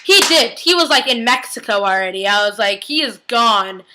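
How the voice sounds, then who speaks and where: A young woman recapping a TV episode in a casual, excitable, chatty way, full of "like" and acted-out reactions. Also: a little high, normal speed, noisy background.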